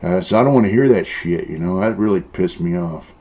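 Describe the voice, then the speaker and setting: A man's voice: low-pitched, brisk, a little mellow. An older man from San Diego telling prison stories in a blunt, profane way, with many "uh" and "you know" fillers. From San Diego, Southern California. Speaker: former prisoner interviewee. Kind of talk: casual storytelling. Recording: dull lo-fi sound.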